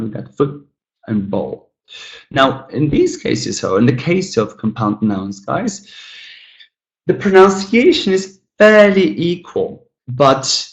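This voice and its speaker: A man teaching an English pronunciation lesson, speaking deliberately with frequent fillers and calling his listeners guys. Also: mid-range voice, gravelly. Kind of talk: classroom lesson on word stress.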